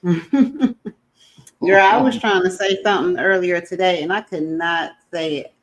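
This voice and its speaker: A woman's voice: on the low side, a little slow. A woman co-hosting a casual live chat, laughing often at herself. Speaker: livestream co-host.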